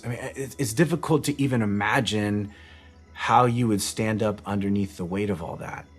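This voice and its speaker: A man's voice: lowish voice, normal speed, breathy edge, faint music behind. A man, a pastor, giving an earnest and conversational devotional sermon outdoors in his backyard at nightfall. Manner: reflective, conversational, earnest, with frequent restarts.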